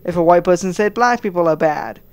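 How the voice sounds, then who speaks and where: A man's voice: high voice, fairly quick, darkish tone, clear, resonant tone. A man giving heated, crude reaction commentary, stammering through many restarts. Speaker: commentary vlogger.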